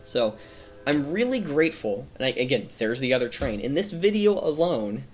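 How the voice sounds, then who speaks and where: A man streams a reflective personal monologue, earnest and rambling, often restarting and correcting himself, emotional and near tears. His medium-pitched voice is sing-song, at a normal speed.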